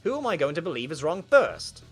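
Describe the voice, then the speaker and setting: A man's voice: a little high, very animated, brisk, husky, soft background music, pitched above the performer's own voice, full character voice. Guy doing a stern condescending principal, lecturing tone. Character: stern, condescending middle-aged male principal.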